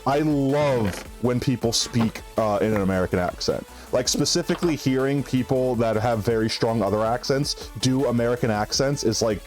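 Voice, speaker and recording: A man streaming a survival game, chatting casually with quick rambling asides, with music playing behind him. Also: medium pitch, a little mellow. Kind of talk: casual gaming chat.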